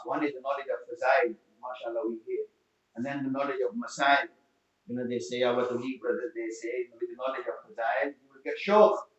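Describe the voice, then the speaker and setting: A man giving a mosque sermon as imam, impassioned and rising to shouts, with Arabic recitation woven in. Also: mid-range voice. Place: mosque hall. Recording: very echoey, dull mosque hall.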